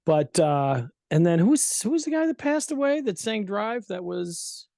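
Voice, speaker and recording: A man's voice: high-pitched, a little slow, creaky, dry recording, clean studio sound. A man from Rochester, New York, co-hosting a casual album-review chat, rambling and correcting himself as he goes. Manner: rambling, self-correcting, animated asides. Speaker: co-host.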